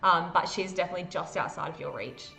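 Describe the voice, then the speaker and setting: A woman with an Australian accent running a tabletop horror game as game master, describing the scene vividly and halting often with fillers. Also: fairly low pitch, vocal fry, pushed and bright, soft background music.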